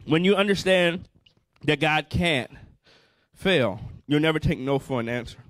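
A man's voice: a little high, animated, a little slow, a bit bright, no echo. A male pastor preaching a fervent sermon, repeating phrases and calling out to the congregation.

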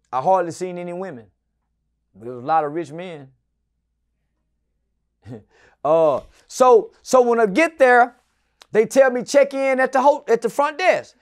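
High-voiced, profane middle-aged man. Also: expressive, measured pace, long pauses. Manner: profane, loud, acts out the people in his story. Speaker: guest. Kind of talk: animated storytelling in a casual interview.

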